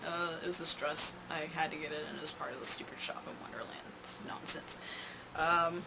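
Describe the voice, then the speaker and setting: A woman's voice: deep voice, fairly even intonation, fairly quick, creaky. A young woman telling a casual storytime in a rambling way, with many fillers and restarts. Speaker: vlogger. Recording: noisy home recording.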